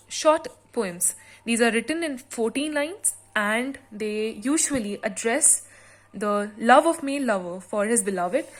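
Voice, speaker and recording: A woman teacher explaining a sonnet's meter and rhyme scheme in a slow classroom lesson, with frequent pauses and fillers. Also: fairly high pitch. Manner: reads the poem aloud slowly with extra stress. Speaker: literature teacher.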